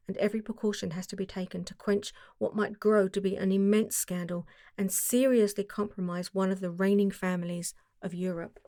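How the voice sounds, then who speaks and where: A woman reading the part of a masked foreign nobleman, formal and guarded, with a deep, harsh voice and a German accent. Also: warm tone, no echo, clean studio sound, natural voice. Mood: confiding. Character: masked foreign nobleman, giant, haughty and secretive.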